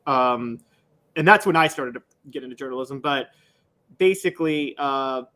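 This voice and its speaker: A man's voice: mid-range voice, normal speed, bright, forceful tone. A man in his thirties co-hosting a sports radio show, teasing his partner and hesitating when recalling things. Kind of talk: casual radio chat.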